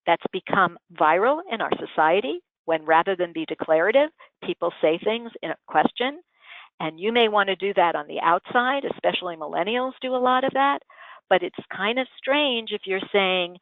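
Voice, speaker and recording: A woman's voice: on the low side, moderate pace, dry recording. A woman giving a lecture on communication, acting out vocal habits as examples. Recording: tinny phone-like dry sound.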